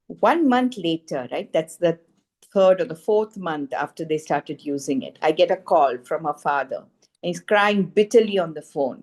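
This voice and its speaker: A woman telling a personal healing testimonial in an earnest, animated way, with many "you know" fillers. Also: fairly low pitch, moderate pace. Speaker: frequency healing practitioner.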